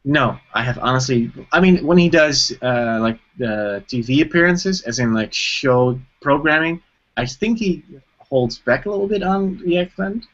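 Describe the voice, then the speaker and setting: A man's voice: fairly high pitch, expressive, moderate pace, a bit bright. Man, co-host on a lo-fi live stream; rambling casual chat full of fillers. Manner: rambling, lots of fillers and restarts. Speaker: co-host of a live web show. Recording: dull lo-fi stream audio.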